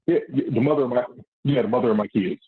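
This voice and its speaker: A man tells his story as a caller on a talk show, and he comes through a tinny, muffled phone line. His voice sits a little low and sounds husky, with a dry, close sound. He rambles and swears freely. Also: quick pace, no echo. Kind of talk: casual storytelling on a call-in show.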